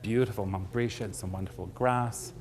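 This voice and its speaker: A man's voice: on the low side, steady tone, a little fast, a little mellow. Man, middle-aged, floral demonstrator, teasing, chatty, faint background hiss. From Canada. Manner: chatty and joking, teasing the audience. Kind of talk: live demonstration to an audience.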